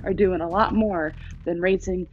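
A woman's voice: lowish voice, steady tone, normal speed, phone-quality sound, a little hiss or hum. A young woman ranting to camera, angry, sarcastic and swearing, while in pain from cramps.

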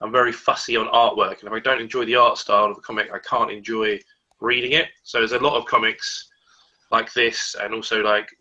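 A man talks quickly and eagerly in a casual film podcast, tripping over his words. His voice is bright and sharp yet a little husky, and the recording sounds dull and lo-fi. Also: fairly low pitch, flat delivery. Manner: fast, stumbling restarts. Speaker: podcast co-host.

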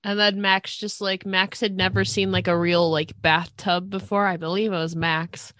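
A woman's voice: mid-range voice, flat delivery, normal speed, fairly bright tone, dry recording, clean studio sound. A woman hosting a podcast, chatting casually and easily with many "like" fillers. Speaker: podcast host.

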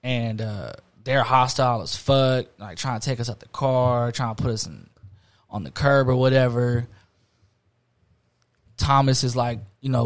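A young man, talking in a relaxed way with lots of slang and fillers. His voice sits at a middle pitch, and he tells his story loosely and casually. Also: moderate pace. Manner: laid-back, heavy slang, many fillers. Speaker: podcast host.

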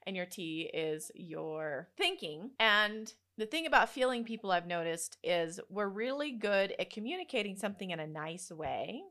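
Woman host, young adult, animated storyteller, laughs a lot, bright lively delivery. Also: mid-range voice. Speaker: podcast host. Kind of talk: casual solo podcast talk.

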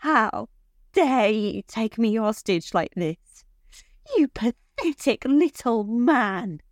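A woman's voice: mid-range voice, very animated, a little slow, a little mellow, dry recording, clean studio sound, pitched above the performer's own voice. A woman voicing a young woman in love who turns furious, in a pleading, raised voice. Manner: pleading, then indignant.

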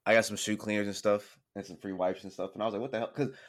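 A man with a lowish voice rattles through a story at a quick clip. He co-hosts a casual chat podcast, gets animated and swears freely, and he is getting over a cold. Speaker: podcast co-host.

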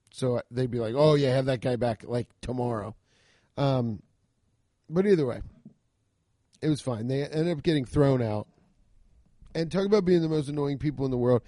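A man, a stand-up comic, casually telling a profane story about a rough show, acting out both sides of the exchanges. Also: medium pitch, dry recording, studio quality. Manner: profane, animated retelling with quoted exchanges. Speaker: stand-up comedian.

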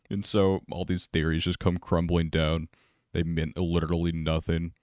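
Low-voiced young man, rambling podcast chat. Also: a little slow, dry recording, clean studio sound. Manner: laid-back, rambling, frequent laughs. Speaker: podcast co-host.

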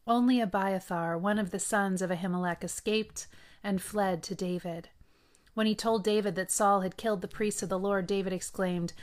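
A woman hosting a daily Bible reading, reading scripture in a measured way with brief asides. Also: medium pitch, fairly even intonation.

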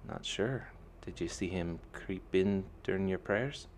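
A man's voice: sits low, measured pace, slight background noise. A man doing an easygoing young man. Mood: casual. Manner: casual and matter-of-fact. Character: easygoing confident young man, patient teacher.

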